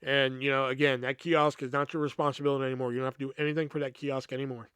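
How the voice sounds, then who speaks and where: A man quoting a calm, kindly store manager. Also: mid-range voice, rapid-fire, smooth, no echo, clean studio sound, voice pushed down, natural voice.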